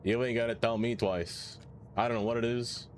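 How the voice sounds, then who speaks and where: A male streamer chats casually through his game, playful and reactive, talking half to himself and half to his viewers. His voice sits at an ordinary middle pitch, with a faint hiss of room noise underneath. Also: fairly even intonation, normal speed. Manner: chatty, playful, reacts out loud. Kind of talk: casual live-stream chat while playing.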